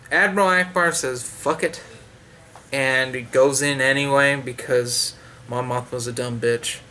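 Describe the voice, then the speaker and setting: Profane, sarcastic man with a bright voice. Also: medium pitch, slight background noise. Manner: profane, sarcastic, frequent fillers. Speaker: book reviewer. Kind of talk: ranting casual review.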